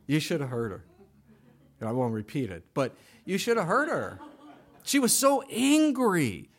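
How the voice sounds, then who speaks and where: Animated preacher man, lively swings. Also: mid-range voice, moderate pace, husky. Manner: animated, swings between soft asides and loud emphatic bursts. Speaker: pastor. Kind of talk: sermon.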